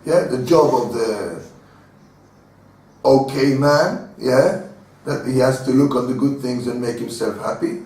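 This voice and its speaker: A man teaching a Torah class in a halting, earnest way, with many fillers and restarts. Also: medium pitch, a little mellow. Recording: echoey room, voice from a distance.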